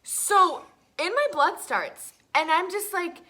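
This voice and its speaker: A young woman telling an excited storytime vlog, swearing often and filling her talk with "like". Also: very high voice, slow. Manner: breathless, swearing, lots of "like" fillers. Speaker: vlogger.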